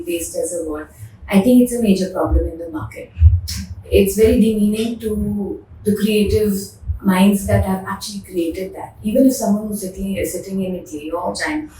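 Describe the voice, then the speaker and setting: A woman's voice: mid-range voice, warm tone. A woman with an Indian English accent, a furniture designer answering interview questions in an emphatic, passionate way, often repeating words. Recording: roomy, distant mic with faint noise.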